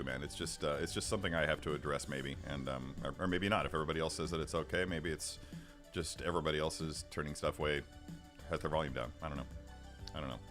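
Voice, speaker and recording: Deep-voiced rambling middle-aged man. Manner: rambling, many restarts and chuckles. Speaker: livestream host. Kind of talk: casual chat with live chat. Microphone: studio microphone. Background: faint background music.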